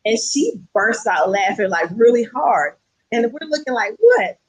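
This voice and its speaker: A woman from Atlanta with a Southern accent, telling a lively travel story as a guest and acting out the voices of people she quotes. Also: fairly high pitch, moderate pace, husky, rough recording. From Atlanta, USA. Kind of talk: casual storytelling.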